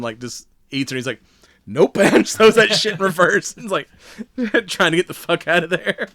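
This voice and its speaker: A man's voice: mid-range voice, clean tone, no room sound. Give me a laughing, cursing man retelling a movie. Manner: animated storyteller, swears a lot, acts out movie lines. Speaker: podcast co-host. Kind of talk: casual chat.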